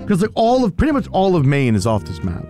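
A man's voice: high voice, huge pitch swings, quick pace, warm tone, soft background music. A man playing along in a casual quiz, thinking aloud and poking fun at himself. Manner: self-mocking, thinks aloud. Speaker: quiz player. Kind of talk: casual chat.

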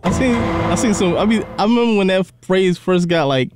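A man in casual banter who talks fast and repeats words as he builds up his point. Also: high-pitched, animated, background noise. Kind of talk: casual podcast chat.

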